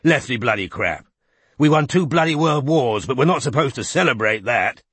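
A man voicing a gruff, bad-tempered older male politician who barks and growls curt remarks. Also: mid-range voice, expressive, normal speed, fairly bright tone, no echo.

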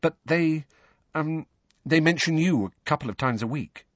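Male reader voices a fretful, clever teen girl in a raised pitch; dull, dry recording. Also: no room sound, natural voice. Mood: anxious. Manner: nervous, tart, hurried. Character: anxious bookish teenage girl.

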